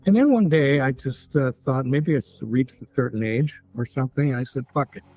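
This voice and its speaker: A man's voice: mid-range voice, moderate pace, dark tone. Rambling older man telling stories. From United States. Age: 70s. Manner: rambling storyteller with many restarts and fillers. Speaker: guest actor. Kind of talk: casual interview chat.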